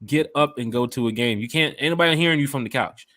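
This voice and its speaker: A man hosts a relaxed fan podcast at a middling pitch. He keeps it loose and upbeat, with plenty of slang, and speaks right to his listeners. The sound is close and dry, with no room echo. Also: fast. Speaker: podcast host and fan club organizer. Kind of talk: casual chat.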